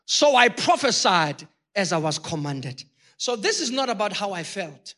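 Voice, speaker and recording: A man preaching a sermon with passion, talking straight to his congregation and rising to shouted peaks. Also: sits high, sing-song, a little slow. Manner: addresses the congregation directly.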